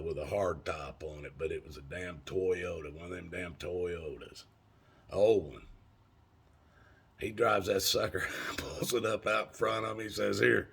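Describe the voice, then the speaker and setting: Gravelly deep-voiced storyteller man. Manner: rambling, folksy and profane, lots of fillers. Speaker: vlogger. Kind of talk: casual storytelling.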